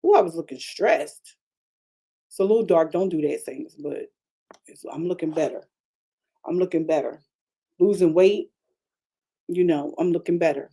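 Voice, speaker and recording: A woman pastor preaching a conversational broadcast sermon, chatty and animated, repeating phrases and calling out to her congregation. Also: on the low side, moderate pace, long pauses, slightly rough. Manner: chatty, repetitive, calls out to the congregation; animated preaching with frequent restarts.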